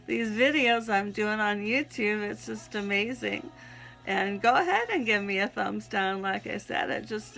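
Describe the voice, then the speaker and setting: Southern woman, 60s, slow and gravelly, earnest testimony with frequent giggles. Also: mid-range voice, a bit bright. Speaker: YouTube Christian vlogger. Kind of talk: personal religious testimony.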